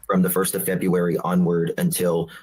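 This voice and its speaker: A man with a deep, husky voice gives a halting account as a guest, full of fillers. His pitch stays flat and low throughout. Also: faint music behind, poor audio. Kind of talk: explaining on a call-in show.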